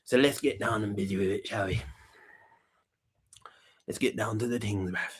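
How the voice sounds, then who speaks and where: A man's voice: lowish voice, steady tone, normal speed, slightly rough. A man hosting a comedy talk show, rambling cockily and repeating himself. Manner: cocky, rambling, slang-heavy, repeats himself. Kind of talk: comic talk show monologue.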